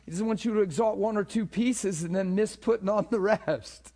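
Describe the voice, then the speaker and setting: A man's voice: sits high, normal speed, warm tone. A man teaching a class in a sermon style, conversational and often checking in with his listeners, repeating words as he builds a point.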